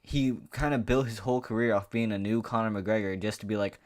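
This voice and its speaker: A man with a lowish voice rants to camera about fighters, loose and profane. He rambles, restarts his sentences and keeps the heat up in a casual sports-vlog monologue. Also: fairly even intonation, a little fast, darkish tone. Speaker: MMA commentary vlogger.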